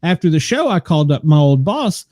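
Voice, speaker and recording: A man's voice: a little high, very animated, fairly quick, warm tone, dry recording, studio quality. An older man hosting a chat show, telling rambling stories and laughing often. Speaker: podcast host. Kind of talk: casual chat.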